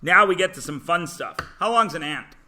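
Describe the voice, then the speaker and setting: A man's voice: fairly high pitch, lively intonation, normal speed, bright, forceful tone, slight background noise. A man teaching a math class, joking about himself and prodding students to guess answers. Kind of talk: classroom lecture.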